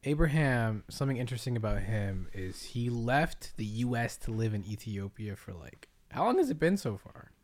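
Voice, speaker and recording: Man, podcast host, casual, friendly, hops from topic to topic, mid-pitched voice. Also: big pitch swings, moderate pace, hardly any pauses. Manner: friendly, jumps between topics. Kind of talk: casual chat.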